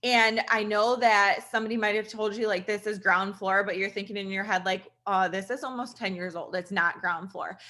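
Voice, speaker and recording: A woman's voice: medium pitch, fairly even intonation, normal speed, hardly any pauses, bright, forceful tone. A woman in her thirties, a registered nurse, telling her personal story in an earnest, chatty way, addressing listeners as "you guys". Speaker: registered nurse sharing a testimonial. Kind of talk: casual personal testimonial to an audience.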